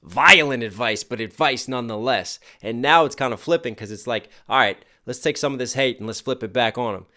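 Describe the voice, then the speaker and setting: A man's voice: medium pitch, a little fast, few pauses, pushed and bright. A young adult man, a rapper, giving an enthusiastic casual reaction and picking apart lyrics line by line. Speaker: rapper reacting to a music track.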